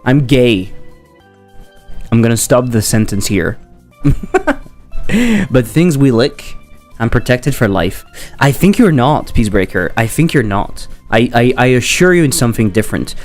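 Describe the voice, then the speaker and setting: A man's voice: medium pitch, very animated, unhurried, pauses often, faint music behind. French-accented man, rambling livestream chat. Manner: rambling and jokey, reading chat aloud. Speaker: game developer streamer.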